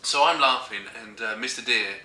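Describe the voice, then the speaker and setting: A man's voice: mid-range voice, moderate pace, sharp tone. Giggly man telling a story. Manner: giggly, keeps breaking into laughter. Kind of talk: casual comic storytelling. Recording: echoey room.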